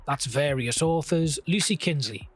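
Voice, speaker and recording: A man's voice: a little high, measured pace, a little hiss or hum. A man giving casual gameplay commentary, chatting and thinking aloud as he plays and reads game text.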